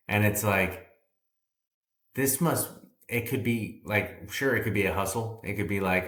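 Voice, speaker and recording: A man with a very low voice hosts a relaxed interview, drifting into a long, rambling story full of "right?" and "you know" asides. The room around him rings with a noticeable echo. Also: normal speed. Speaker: podcast host. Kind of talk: casual interview conversation.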